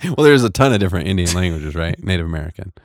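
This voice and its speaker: A man's voice: sits low, animated, very fast, no room sound. A man co-hosting a casual podcast chat in a studio, easygoing and agreeable, laughing often. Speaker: podcast co-host.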